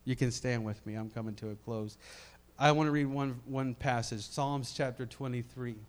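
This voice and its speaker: A man preaching a sermon to a congregation, swinging between quiet reflective passages and loud emphatic ones, often repeating words as he builds up. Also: mid-range voice, fairly even intonation, normal speed, smooth. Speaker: pastor.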